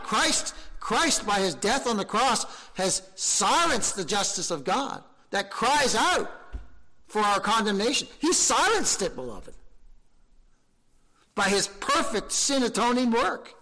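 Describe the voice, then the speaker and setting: A fervent preacher delivering a sermon to his congregation. His voice sits high for a man, and he leans on rhetorical questions and emphatic repetition. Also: sharp tone. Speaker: pastor.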